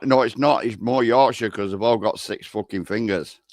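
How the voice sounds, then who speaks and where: A man's voice: lowish voice, normal speed, no room sound. A man from Rochdale with a northern English accent, teasing his mates in sweary banter on a group call. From Rochdale, England.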